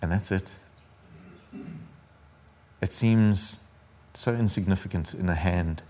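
A man's voice: low-pitched, slow pace, a little mellow. A man preaching a sermon as pastor, earnest and intimate, often dropping his voice almost to a whisper.

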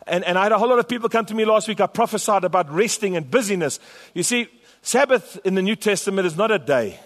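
A man's voice: high-pitched, lively intonation, quick pace. A man pastor preaching a sermon to his church, emphatic and repetitive. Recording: long hall reverb.

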